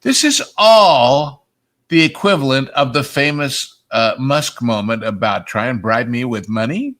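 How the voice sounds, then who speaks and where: Wry mid-pitched male co-host. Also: lively intonation, a little slow, a bit bright. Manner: wry, quoting history, emphatic. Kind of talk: casual political commentary chat.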